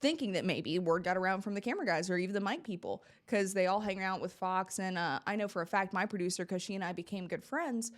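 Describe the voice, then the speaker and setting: A woman's voice: mid-range voice, quick pace, hardly any pauses. A young woman from Central Florida, a podcast guest, telling rambling stories in casual chat and laughing often. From Central Florida, USA.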